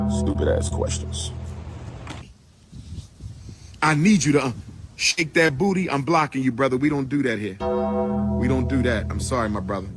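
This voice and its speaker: A man co-hosting a show, reacting in a loud and mocking casual way. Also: mid-range voice. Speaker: co-host.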